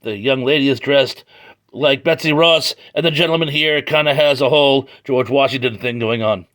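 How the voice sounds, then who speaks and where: A man's voice: mid-range voice, normal speed, a bit bright. A man doing a casual, joking comic book review from his garage, full of wry asides. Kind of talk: casual read-through review. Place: home garage.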